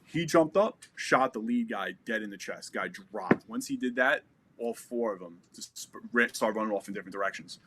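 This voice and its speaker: A podcast guest in his forties from the United States relates a war story casually and vividly, swearing freely and acting out the dialogue. He has a lowish, fairly bright voice at normal speed, with slight background noise.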